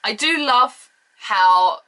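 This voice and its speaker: A woman with a British accent talks through a casual solo review. Her tone is bright and sharp. She is blunt and sarcastic and states her opinions outright. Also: on the high side, expressive, very slow, low-quality recording. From United Kingdom. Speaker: show reviewer.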